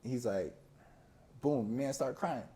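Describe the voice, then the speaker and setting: Mellow-voiced man telling a personal story. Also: medium pitch, slow. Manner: relaxed, conversational, acts out both sides of a talk. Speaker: podcast guest. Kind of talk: casual storytelling.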